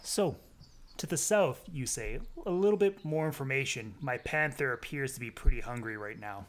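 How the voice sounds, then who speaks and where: A woman playing her character in a tabletop game, teasing and lively. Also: very deep voice, normal speed.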